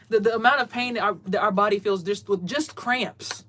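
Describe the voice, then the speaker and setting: Speaking fast with hardly any pauses, a woman with a voice on the high side runs a casual card-reading stream from a small closet, slight background noise behind her. She preaches emphatically, says things over and over, and bursts into loud impressions of others.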